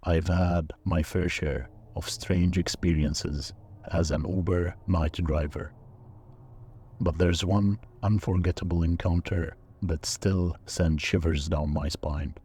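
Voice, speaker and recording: A man reading a scripted first-person horror story in a slow, measured, even delivery. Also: sits low, a little hiss or hum. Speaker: narrator.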